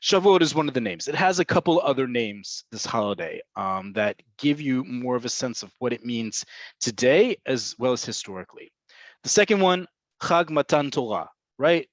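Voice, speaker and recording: An Israel-based Hebrew teacher leads an online webinar on Hebrew vocabulary, explaining patiently with frequent "um"s and "right?" check-ins. His mid-range voice is expressive, at a normal speed, with no room sound.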